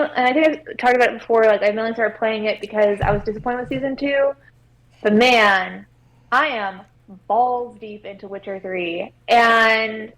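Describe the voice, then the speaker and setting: A woman's voice: on the high side, fairly bright tone, low-quality recording. A woman co-hosting a podcast, chatting casually about games and hesitating through constant filler words. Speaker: podcast co-host.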